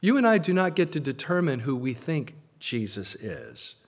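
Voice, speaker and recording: A man preaching a sermon as pastor, stressing key words loudly and then dropping low and slow. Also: big pitch swings.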